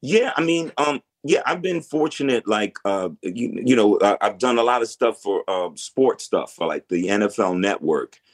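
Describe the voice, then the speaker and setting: A man's voice: on the low side, lively intonation, moderate pace, few pauses. A middle-aged man speaking as a guest in a casual interview, laid-back and frank with slangy talk.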